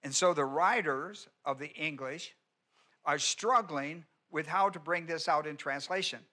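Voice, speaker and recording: A man's voice: a little high, a little slow, sharp tone. A male pastor teaching an expository sermon, driving points home by repeating them and asking the congregation whether they follow. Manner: emphatic teaching, repeats key words, asks the congregation questions.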